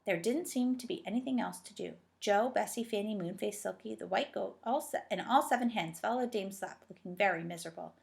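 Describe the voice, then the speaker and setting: A woman reading a children's storybook aloud in a steady, gentle storytelling way. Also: mid-range voice, a little fast, vocal fry, hardly any pauses. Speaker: reader.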